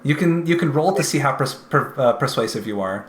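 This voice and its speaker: Man, game master, tabletop narration, relaxed and halting, roomy echo, faint hiss. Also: mid-range voice.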